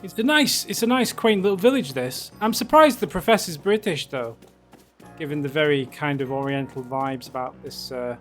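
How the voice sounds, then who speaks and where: A man's voice: fairly high pitch, expressive, normal speed, soft background music. A man casually commenting while playing a game, joking as he goes. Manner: jokey, reads game dialogue in voices. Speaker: streamer.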